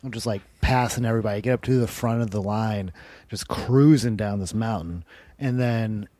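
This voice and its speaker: A man's voice: on the low side, moderate pace, dark tone, dry recording. A man telling a long story in casual chat, rambling and peppered with "like" and swearing. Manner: rambling, heavy use of "like", swearing.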